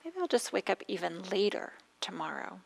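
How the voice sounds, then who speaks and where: A woman's voice: medium pitch, very animated, normal speed, vocal fry, exaggerated voice. A woman putting on the voice of a young housemaid who talks hesitantly and with a stammer. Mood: musing. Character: young housemaid, timid then aggrieved.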